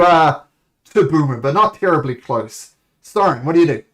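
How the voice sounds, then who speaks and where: A man's voice: on the high side, lively intonation, normal speed, fairly bright tone. A man narrating as game master, rambling along with self-corrections.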